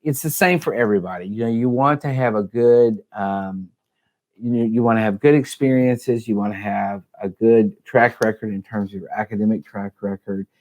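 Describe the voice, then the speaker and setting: A man with a fairly low voice gives advice as a medical school admissions advisor on a casual podcast. He explains things in a measured, patient way and fills pauses with "you know" and "uh". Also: darkish tone. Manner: measured, explanatory, with frequent fillers.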